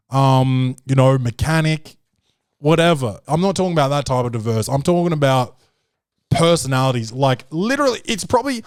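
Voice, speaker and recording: A man hosting a comedy podcast from his own studio, rambling and swearing as he riffs. His voice sits at an ordinary pitch for a man. The sound is dry and close, with no room echo. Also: darkish tone. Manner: rambling, profane, jokey, slips into quoted voices. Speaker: podcast host. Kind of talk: comedic film-review podcast rant.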